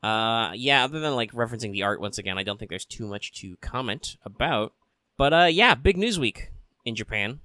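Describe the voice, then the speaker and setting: A man's voice: medium pitch, animated, fairly quick, bright, forceful tone, no echo. A man co-hosting a podcast, chatting casually in a wry, rambling way with lots of fillers. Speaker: podcast co-host. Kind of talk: casual chat.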